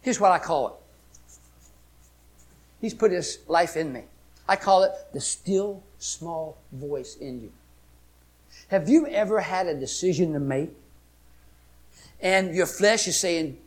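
A man preaching a sermon, swinging between loud emphatic exclamations and hushed storytelling. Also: high voice, animated, a little slow, long pauses.

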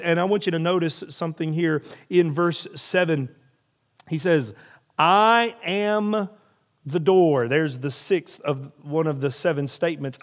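Male pastor, higher-pitched voice, emphatic repetitive preaching delivery. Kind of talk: sermon.

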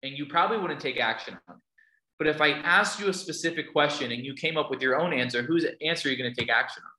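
Bright-voiced male motivational speaker. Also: a little high, fast talker, echoey room, low-quality recording. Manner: storytelling, asks the audience questions. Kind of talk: speech to a live audience.

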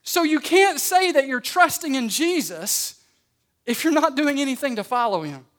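A pastor preaching a sermon at a church service, emphatic, swinging between loud and soft and repeating words as he starts his phrases. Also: very high-pitched, expressive, moderate pace.

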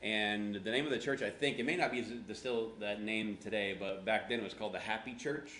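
Chatty pastor with a low voice. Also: male voice, steady tone, a little fast, pushed and bright. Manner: chatty, self-deprecating, acts out his own past words. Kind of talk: conversational sermon storytelling. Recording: roomy echo with faint background hum.

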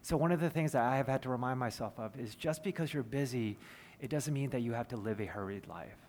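A man's voice: medium pitch, fast, a little mellow, a little hiss or hum. A man, preaching a sermon in an earnest, conversational way with personal stories. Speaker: pastor.

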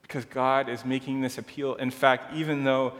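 A male pastor giving an earnest, conversational sermon that sometimes drops to a hushed, gentle tone. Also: mid-range voice, level tone, moderate pace. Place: church sanctuary. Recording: long church hall reverb.

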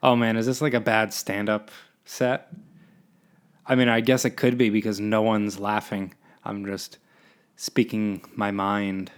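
A man's voice: on the low side, level tone, measured pace, clear, resonant tone. A man, hosting a solo podcast and rambling between topics in a self-deprecating way. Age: 20s. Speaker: podcast host.

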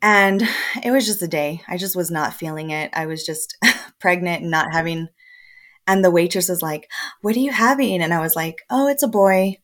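A podcast guest from El Paso, Texas, this woman in her twenties has a lower-pitched voice and tells stories in a casual, conversational way. She moves at a moderate pace, laughs often, and acts out quoted dialogue with lively energy.

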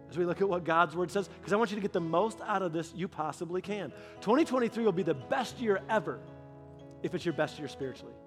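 A woman giving devotional teaching on fasting in a conversational, animated storytelling manner. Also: fairly low pitch. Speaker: church leader.

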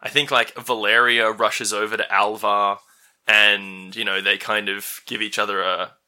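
A man runs a tabletop game in a bright, crisp voice. He narrates casually and chattily, swearing now and then. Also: lowish voice, flat delivery, measured pace. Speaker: game master.

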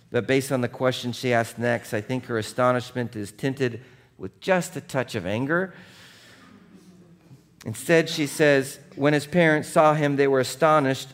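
A male pastor preaching in a mid-range voice. He moves between hushed, earnest reflection and lively, conversational storytelling, slipping into playful impressions. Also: mid-range voice. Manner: soft, quiet and earnest in reflective passages. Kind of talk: sermon.

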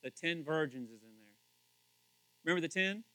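A man preaching with a high, lively voice that leaps between near-whispered asides and loud calls. His tone is bright and forceful, and the sound is dry and close. He keeps putting pointed questions straight to his congregation. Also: moderate pace, no room sound. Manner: animated, swings from hushed asides to shouting. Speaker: pastor. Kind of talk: sermon.

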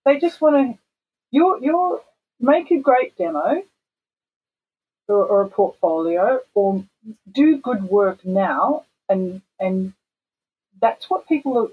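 An Australian woman talks as an interview guest, animated and frank, leaning hard on her points. Her voice has a husky edge and sits at an ordinary middle pitch. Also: takes it slowly, highs cut off. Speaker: guest, voice actor and singer. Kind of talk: casual interview chat.

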